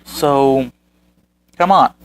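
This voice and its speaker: A man's voice: medium pitch, very slow, a bit bright, poor audio. A man hosting a commentary video, reading out social media posts and answering them with sarcastic, exasperated remarks.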